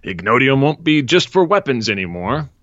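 A man's voice: medium pitch, sing-song, normal speed, a bit bright, dry recording, lo-fi sound, pitched above the performer's own voice. A man reading aloud and voicing a boastful, pushy middle-aged father in a storybook excerpt. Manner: pushy, complaining.

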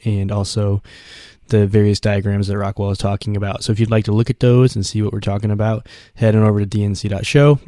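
A man with a sick, hoarse voice co-hosting a podcast in casual, rambling chat. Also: lowish voice, dark tone, no room sound, studio quality. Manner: laid-back, rambling with fillers. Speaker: podcast co-host.

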